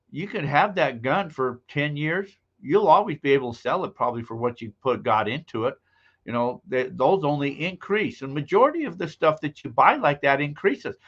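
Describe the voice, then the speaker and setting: A man's voice: fairly high pitch, a bit bright. Male live-stream host, casual and jokey; muffled, lo-fi sound. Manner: rambling, joking.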